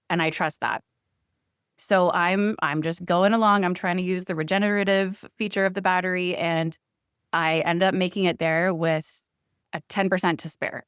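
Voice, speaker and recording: Animated woman telling a story, low smooth voice. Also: no echo, studio quality. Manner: animated storyteller, laughs often, acts out quoted lines. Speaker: podcast co-host. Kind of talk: casual storytelling chat.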